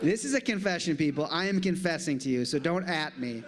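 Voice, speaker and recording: A middle-aged man speaking at a church conference with a slightly high voice. He tells stories in an animated way, full of jokey asides. He sounds like he is talking live to an audience in a hall. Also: a little fast, a crowd in the background. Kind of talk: humorous conference talk.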